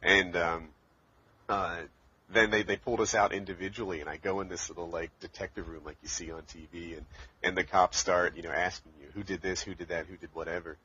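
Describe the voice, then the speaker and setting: A man's voice: sits low, fairly even intonation, brisk, pushed and bright, husky. A young man, a podcast co-host, telling a rambling story in casual chat and laughing often as he goes. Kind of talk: casual storytelling among friends. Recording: dull lo-fi podcast audio.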